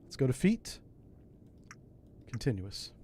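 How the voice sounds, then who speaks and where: A man's voice: mid-range voice, sing-song, slow, mellow, slight background noise. A man giving casual commentary as he plays a submarine game, talking himself through each step in a folksy way with asides. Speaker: streamer playing a submarine game.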